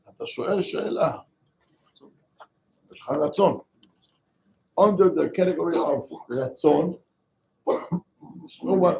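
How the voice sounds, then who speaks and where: A rabbi teaching an informal Torah class, switching between Hebrew and English in an animated way. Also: a little high, vocal fry, lo-fi sound, a little hiss or hum. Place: small synagogue class with people present.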